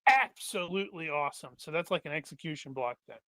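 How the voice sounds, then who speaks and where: Playful tabletop player guy, kinda high bright voice, thinks out loud. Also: expressive, fast talker, no room sound. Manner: playful, joking and thinking aloud. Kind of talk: tabletop game chat.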